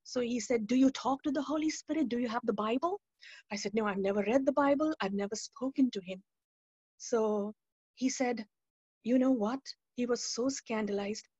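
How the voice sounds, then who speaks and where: A woman's voice: fairly high pitch, normal speed, darkish tone, husky, no room sound, muffled recording. Woman telling a vivid faith testimony. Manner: storytelling, acting out quoted dialogue. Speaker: speaker giving a personal testimony. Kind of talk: spoken testimony to a youth webinar.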